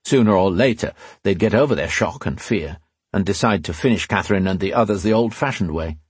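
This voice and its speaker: A male audiobook narrator reads fantasy prose in a measured, dramatic way. His voice is low and husky. The close mic gives a dry, roomless sound. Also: expressive, no room sound.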